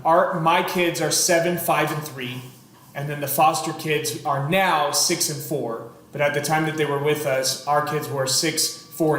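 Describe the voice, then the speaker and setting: A man's voice: on the high side, a bit bright. A man in his thirties teaching a chemistry class, chatty with dry sarcastic humor and asides to his students. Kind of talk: classroom lecture. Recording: very echoey classroom, faint room noise.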